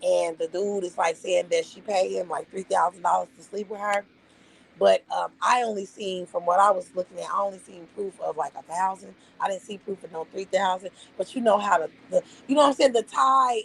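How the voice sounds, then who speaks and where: Woman streamer, Las Vegas vernacular, husky and gravelly, profane rambling rant to chat. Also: mid-range voice, low-quality recording. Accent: Las Vegas, African American Vernacular English. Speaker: livestream host. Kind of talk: casual livestream rant.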